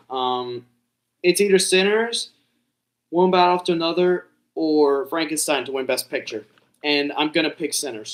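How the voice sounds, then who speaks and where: A young man vlogs his live reactions to an awards show, chatting loosely to himself and his viewers. His voice is mid-range and a little bright, and he rambles along, tossing out "bro" and "dude."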